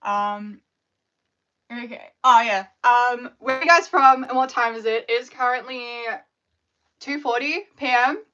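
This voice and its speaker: Woman, animated chatty live-streamer, bright tone, muffled lo-fi audio. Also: a little high, a little slow. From Australia. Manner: chatty and animated, filler-heavy storytelling. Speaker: scrunchie maker hosting a live stream. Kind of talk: casual live-stream chat.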